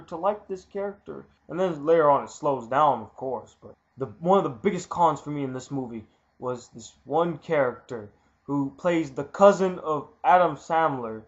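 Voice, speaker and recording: Rich: A man giving a casual movie review, blunt and candid, often repeating a point for emphasis. His voice sits a little high for a man, and the recording sounds dull and lo-fi. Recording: muffled lo-fi recording.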